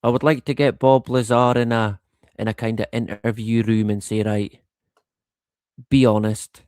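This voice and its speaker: A man's voice: mid-range voice, fairly even intonation, normal speed, darkish tone, clean tone, no room sound, studio quality. A man hosting a livestream in a casual, rambling monologue, laughing often and swearing freely. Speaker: livestream host.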